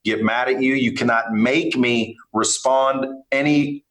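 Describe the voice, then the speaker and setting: A man guest on a podcast, talking bluntly and with a lot of swearing as he tells animated stories. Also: mid-range voice, a little slow, echoey room, rough recording. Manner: blunt, profane, animated storytelling. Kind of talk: casual podcast interview.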